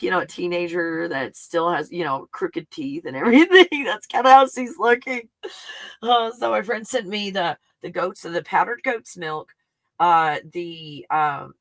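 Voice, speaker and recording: A woman's voice: lowish voice, fairly bright tone, no echo. A woman hosting a livestream, chatting casually and laughing as she rambles about her puppy. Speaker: livestream host. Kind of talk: casual chat.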